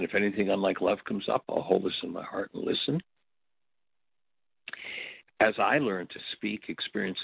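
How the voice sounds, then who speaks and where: An older man with a very low, gravelly voice leads a workshop, telling stories in a reflective, halting way. His tone is husky. The recording is dry and dull, like lo-fi audio. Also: no echo. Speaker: workshop leader and teacher. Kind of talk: spoken teaching talk with stories.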